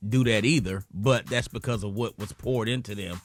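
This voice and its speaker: A man in his fifties co-hosting a radio show, calm and agreeable. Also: lowish voice, normal speed, faint music behind. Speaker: radio co-host. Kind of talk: opinion talk on radio.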